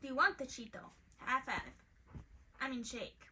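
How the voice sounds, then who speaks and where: A woman's voice: high voice, moderate pace, background noise. A woman coaxing a pet dog with cheerful, sing-song baby talk. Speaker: vlogger.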